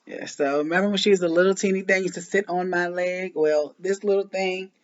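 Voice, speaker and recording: A woman's voice: on the low side, steady tone, fairly quick. A woman in her forties, a former preschool teacher, chatting casually to camera with a loose, laughing manner and many ums and restarts. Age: 40s. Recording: muffled lo-fi audio.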